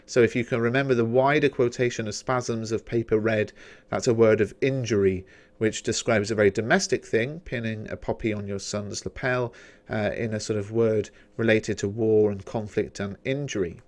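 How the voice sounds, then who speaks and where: A man with a British accent explaining poetry quotations in a revision lesson, measured and explanatory. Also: lowish voice, fairly even intonation. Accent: British English. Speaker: English teacher.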